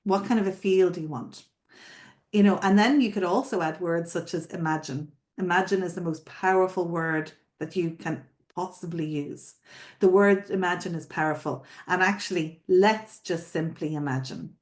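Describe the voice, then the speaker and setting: A woman's voice: fairly low pitch, moderate pace. A woman coaching florists on selling, explaining in a conversational way and often checking in with her listeners. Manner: explains with frequent check-in questions and repetitions. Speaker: sales coach teaching florists. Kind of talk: spoken teaching.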